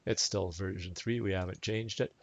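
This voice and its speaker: A man giving a relaxed, chatty step-by-step software tutorial over a screen recording. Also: low-pitched, moderate pace, dry recording, lo-fi sound. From Canada. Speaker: instructor.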